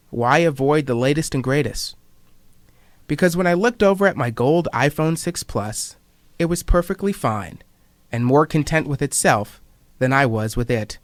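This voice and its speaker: A man's voice: mid-range voice, dry recording. A man in his twenties, a student writer, reading his own personal essays aloud with a wry, reflective manner. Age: 20s.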